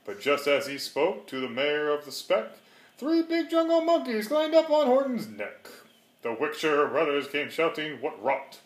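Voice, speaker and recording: A man's voice: fairly high pitch, huge pitch swings, moderate pace. A man reading a rhyming storybook aloud with a rhythmic, sing-song delivery. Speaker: reader. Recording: roomy echo.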